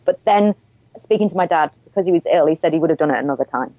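A woman with a deep, dark-toned voice talks fast while telling her personal story as an interview guest. She's candid and frank and laughs often. The audio is dull, with no echo.

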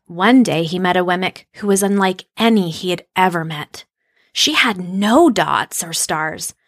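A woman narrating a children's storybook aloud in an expressive storytelling manner. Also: on the low side, measured pace, dry recording, clean studio sound.

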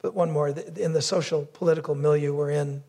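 Guy preaching, kinda husky and gravelly, tells stories and does little voices. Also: fairly high pitch, fairly even intonation, fairly quick, mellow. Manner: storytelling, acts out wife's lines and crow caws. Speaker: pastor. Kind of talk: sermon.

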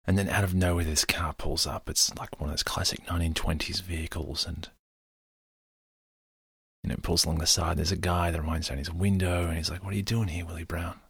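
Deep husky guy just rambling thru a movie plot, dry close sound. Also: little pitch movement, a little fast, fairly bright tone, no room sound. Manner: rambling, loose storytelling with many fillers. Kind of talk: casual retelling of a film scene.

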